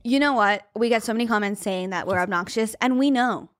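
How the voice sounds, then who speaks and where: A woman's voice: a little high, a little fast. A young woman co-hosting a casual podcast, giggly and teasing as she asks the guest questions. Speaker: podcast co-host.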